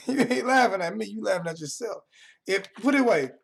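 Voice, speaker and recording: Young male livestream host, raspy fry in a high voice, combative, repeats himself for emphasis. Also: expressive, fairly quick, a little hiss or hum. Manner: confrontational, trash-talking chat members. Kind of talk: heated livestream rant. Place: home.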